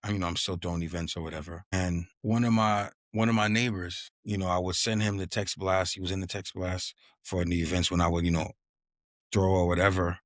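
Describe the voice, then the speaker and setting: Podcast host, young New man, low voice, dry close mic, animated storyteller. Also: brisk, no echo. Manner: animated, acts out quotes in a raised voice, drops "yo" and "you know what I mean". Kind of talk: casual storytelling chat.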